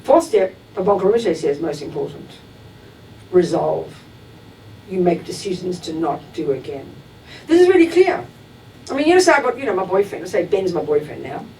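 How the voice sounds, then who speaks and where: A woman's voice: sing-song, moderate pace, vocal fry, a little mellow. Emphatic woman teaching, heard from afar. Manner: direct and emphatic, acts out everyday examples. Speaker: Buddhist teacher. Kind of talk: dharma talk to a class. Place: teaching hall at a Buddhist center. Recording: distant mic with faint rumble.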